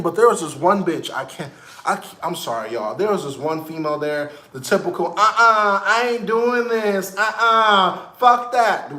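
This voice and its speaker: A man in his thirties telling casual stories, animated, acting out other people's lines. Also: fairly high pitch, echoey room. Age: 30s. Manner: animated, quoting people in raised voices. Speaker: vlogger. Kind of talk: casual storytelling.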